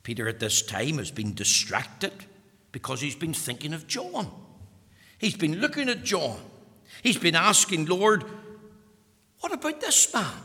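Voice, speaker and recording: A man preaching a sermon, emphatic and repetitive, his voice swelling to loud peaks and falling back. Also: on the high side, big pitch swings, a little slow, long pauses. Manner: emphatic, repeating phrases, rising to loud peaks. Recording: long hall reverb.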